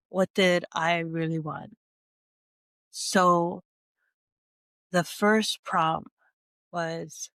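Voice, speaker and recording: Slow, stuffy-nosed woman coaching. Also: on the low side, fairly bright tone, no echo. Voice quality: nasal from congestion. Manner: slow, deliberate and earnest, with many restarts. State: stuffy nose, sniffling. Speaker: speaker and coach. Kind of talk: teaching monologue.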